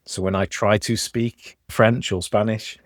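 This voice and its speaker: A low-pitched man with a Midlands accent from Stoke speaks as a podcast guest, telling examples with animated energy. The recording is dry and close, with no room sound. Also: a little slow, dry recording. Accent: Stoke, English Midlands. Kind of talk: casual podcast conversation.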